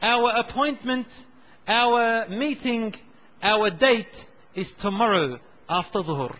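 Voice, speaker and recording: Guy doing a sweet heavenly maiden, higher bright voice, gentle but firm. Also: takes it slowly, long reverb tail. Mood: gently firm.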